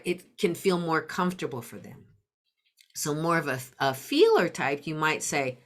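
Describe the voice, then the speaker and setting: A woman's voice: sits low, big pitch swings, moderate pace. A middle-aged woman, a parenting coach and podcast guest, explaining step by step and acting out example phrases. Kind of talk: explanatory interview talk.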